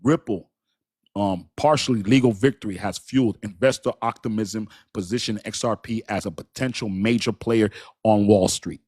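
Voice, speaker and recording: A man putting on a measured male news-anchor voice, reading market news slowly and formally. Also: fairly low pitch, darkish tone, husky, no room sound, clean studio sound. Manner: slow, formal, newsreader delivery.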